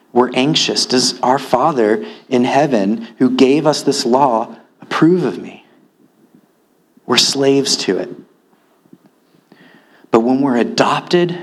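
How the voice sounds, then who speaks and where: A man preaching a sermon, slow and earnest, his voice rising in pitch when he stresses a point. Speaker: pastor.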